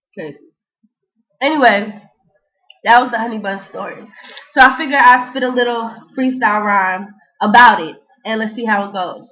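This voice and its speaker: A young woman, telling a casual, slangy, animated story in a vlog. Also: on the high side, normal speed. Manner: animated, slangy, frequent "you know what I'm saying". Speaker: vlogger. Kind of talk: casual storytelling and freestyle rap. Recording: dull lo-fi home recording.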